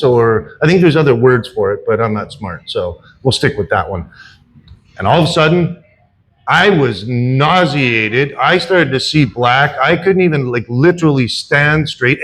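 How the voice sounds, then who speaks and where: A man's voice: a little high, a bit bright, low-quality recording. An older man doing stand-up in a bar, telling a long self-deprecating story with repeats and restarts. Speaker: stand-up comic. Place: bar comedy stage.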